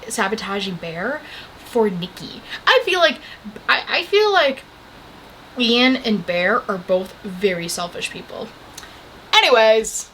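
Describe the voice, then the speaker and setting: A young woman casually recapping a movie, chatty and animated, saying "like" a lot and breaking off to talk to the camera. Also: medium pitch, slight background noise, rough recording. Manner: chatty, animated, heavy use of "like"; breaks off to talk to the camera about her coffee and pillow. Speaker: vlogger reviewing a movie.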